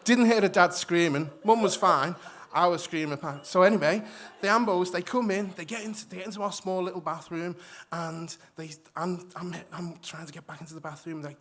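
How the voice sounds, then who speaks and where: A man telling a story on stage to a live audience, animated, acting out voices and often restarting his sentences. He has moved to Australia from elsewhere. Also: sits high, a little fast. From migrated to Australia. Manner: animated, acts out quoted voices, frequent restarts. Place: stage in a hall before an audience.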